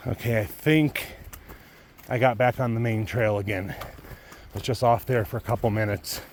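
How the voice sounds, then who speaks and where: A man vlogging while hiking through deep snow in a mountain forest, out of breath and panting between remarks. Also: fairly even intonation, moderate pace, slight background noise. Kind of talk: casual trail commentary. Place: snowy mountain forest outdoors.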